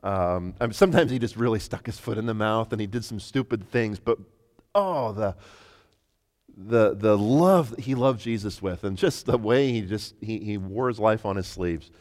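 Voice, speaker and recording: A man preaching a sermon, retelling a scripture story in an animated way with many stammered restarts. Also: fairly low pitch, normal speed, in a large hall.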